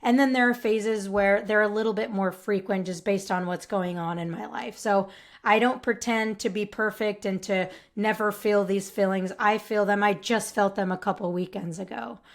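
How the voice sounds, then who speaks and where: A young adult woman speaks on her own podcast in a casual, earnest way. Her voice sits at an ordinary middle pitch, and she keeps reassuring the listener with frequent tag questions. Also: fairly even intonation, moderate pace. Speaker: podcast host. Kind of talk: casual solo podcast advice.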